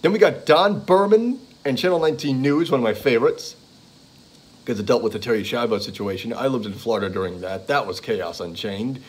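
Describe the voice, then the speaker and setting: A man's voice: medium pitch, lively intonation, fairly quick, breathy edge. A man casually talking through a list of comedy CD tracks, rambling with lots of ums and uhs and little chuckles. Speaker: fan reviewing comedy CDs. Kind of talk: casual monologue listing tracks.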